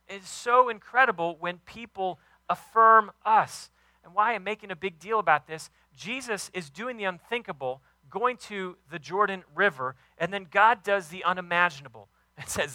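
Bright, high-voiced excited male preacher. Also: normal speed, no room sound, rough recording. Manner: enthusiastic, emphatic preaching with acted quotes. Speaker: pastor. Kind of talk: sermon.

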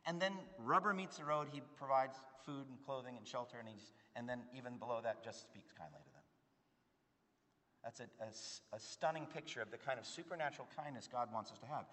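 A man preaching a sermon in an earnest, emphatic way, swinging between loud stresses and hushed phrases. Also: mid-range voice, a little fast. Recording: long hall reverb.

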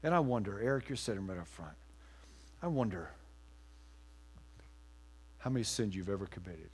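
A man preaching a sermon as pastor in a church, rising to loud emphatic lines and dropping to a hushed near-whisper. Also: fairly low pitch, expressive, moderate pace, slightly rough.

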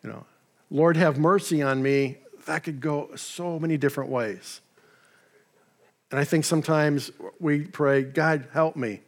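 A man's voice: on the high side, steady tone, a little slow, gravelly. A man preaching a sermon as pastor, in a conversational way with casual asides. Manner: conversational, with asides and paraphrased dialogue.

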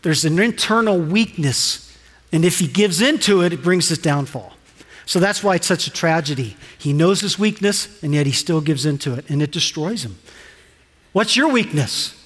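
High-voiced man preaching in a reverberant hall. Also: moderate pace, slightly rough. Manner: animated preaching, rhetorical questions, dramatized quotes. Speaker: pastor. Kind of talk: sermon.

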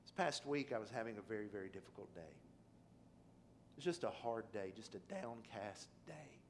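A middle-aged man preaching a sermon, telling a personal story that drops quiet and low, then rises to loud, emphatic pleading. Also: lively intonation, normal speed, slight background noise. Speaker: pastor.

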